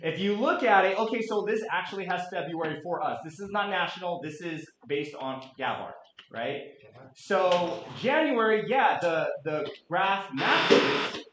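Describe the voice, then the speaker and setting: A man in his late thirties presenting a real estate market update to a room, energetic and quizzing the audience. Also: high voice, measured pace, noisy background. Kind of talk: interactive office presentation. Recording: echoey room, dull lo-fi sound.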